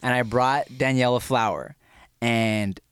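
A man's voice: medium pitch, steady tone, unhurried, clean tone, dry recording. A man from Southern California telling childhood stories in casual podcast chat, laughing often and acting out the quotes.

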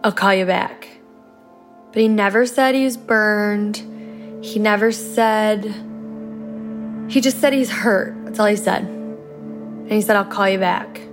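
A woman interviewed about a loss, retelling events haltingly with many fillers. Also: mid-range voice, faint music behind. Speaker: bereaved wife interviewed. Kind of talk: recounted interview testimony.

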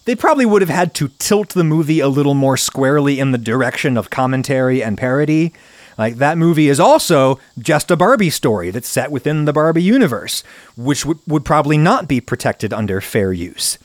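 A video essayist with a fairly high-pitched voice gives opinionated commentary explaining a video, and there's no echo. His animated delivery keeps climbing into emphatic outbursts.

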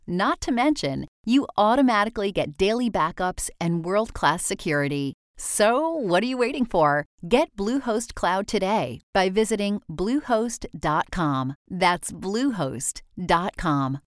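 Woman reading a lively ad. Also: a little slow, no room sound, clean studio sound. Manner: upbeat sales pitch. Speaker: ad announcer. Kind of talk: scripted ad read.

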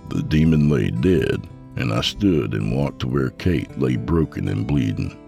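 A man narrating a grim first-person horror story in a measured voice. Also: a bass voice, expressive, vocal fry. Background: soft guitar music.

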